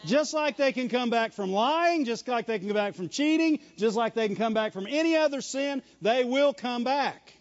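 A man with a strikingly high voice preaches a sermon at normal speed with few pauses, delivering it emphatically and animatedly and chuckling often. The recording is dull and lo-fi.

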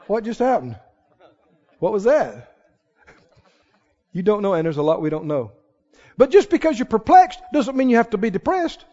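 A man's voice: sits high, darkish tone. A man preaching a sermon with emphatic delivery, calling on the congregation to respond. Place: church sanctuary. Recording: dull sound in a large reverberant hall.

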